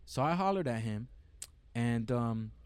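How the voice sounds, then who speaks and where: A man's voice: medium pitch, expressive, a little slow, a little mellow, clean tone, no room sound. A man from Miami, a podcast guest, telling stories in casual chat, cursing freely and mimicking other people's voices. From Miami, Florida. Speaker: podcast guest, event organizer.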